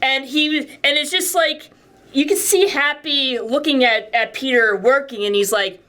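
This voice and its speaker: Bright-voiced woman chatting about a film. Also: high voice, measured pace. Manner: chatty, hesitant restarts, laughs along. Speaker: podcast co-host. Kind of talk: casual movie reaction chat.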